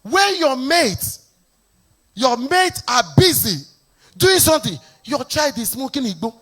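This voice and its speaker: A Nigerian woman pastor preaching a fervent sermon, slipping into sing-song phrases and shouted emphasis. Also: sits high, very animated, unhurried.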